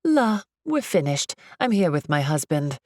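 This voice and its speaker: A woman voicing a glamorous British former model in an audiobook, with a crisp British accent and a dry, drawling manner. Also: low-pitched, sing-song, measured pace, darkish tone, no room sound, exaggerated voice.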